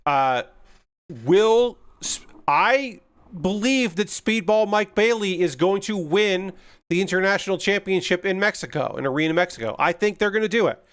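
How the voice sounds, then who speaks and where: A man's voice: sits high, lively intonation, normal speed, fairly bright tone, clear, resonant tone, no echo. Frustrated, swearing man ranting on stream. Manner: frustrated ranting, frequent profanity and fillers. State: yawning. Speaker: streamer building a model kit. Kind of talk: casual livestream chat while building.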